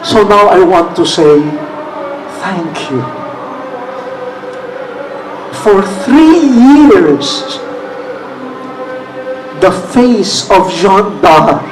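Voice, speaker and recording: A man in his sixties with a Filipino accent, telling a story slowly and deliberately in a talk, with emphasis that rises at the tense moments. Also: sits high. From Philippines. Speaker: cardinal giving a talk. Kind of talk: storytelling address. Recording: distant mic with faint room noise.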